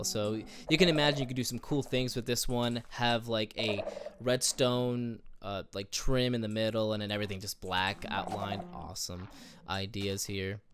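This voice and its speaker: A young man casually showing off a texture pack he made, relaxed and chatty with plenty of "like" and "man". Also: on the low side, background noise. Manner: laid-back, lots of "like" and "man" fillers. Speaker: texture pack creator showcasing his work. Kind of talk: casual gaming commentary. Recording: music playing underneath.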